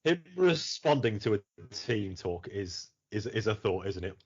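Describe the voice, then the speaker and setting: A man with a low, slightly husky voice hosts a podcast in loose, rambling chat. His pitch swings widely as he laughs and swears his way through. The audio is muffled and lo-fi. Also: big pitch swings, a little slow, darkish tone. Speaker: podcast host. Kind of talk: casual chat.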